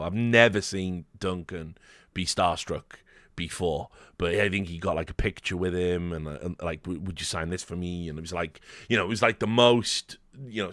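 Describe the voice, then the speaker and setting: Guy telling a story, curses a lot, kinda low voice, dry close mic. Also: no echo. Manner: animated, swearing, with frequent fillers and quoted voices. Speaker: host. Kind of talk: casual anecdote storytelling.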